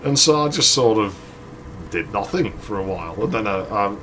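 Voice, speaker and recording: A man's voice: on the low side, lively intonation, normal speed, a bit bright, slight background noise. Crude man telling a rambling anecdote. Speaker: gaming channel host. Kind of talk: casual storytelling over gameplay.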